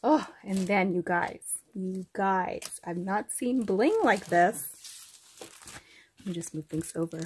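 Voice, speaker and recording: A woman's voice: mid-range voice, slow pace, darkish tone, slight background noise. A woman vlogger gushing over craft gifts in a casual show-and-tell, talking to her viewers at home. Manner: gushing, effusive, addresses viewers as you guys.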